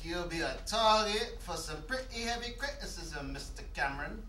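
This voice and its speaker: A man's voice: sits high, expressive, normal speed, sharp tone, a little hiss or hum. A man voicing a mounted stag head that chides a politician in a mock-British manner, recorded on an echoey stage from a distance. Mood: chiding. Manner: mock-British, chiding and sly. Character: talking mounted stag head, male, wry and meddling.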